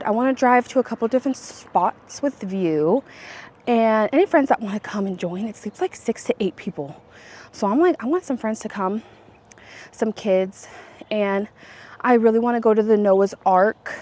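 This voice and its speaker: A woman's voice: medium pitch, expressive, unhurried, darkish tone. A young adult woman chatting casually to her viewers in a vlog, rambling with lots of likes and self-corrections. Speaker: vlogger. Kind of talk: casual chat to camera.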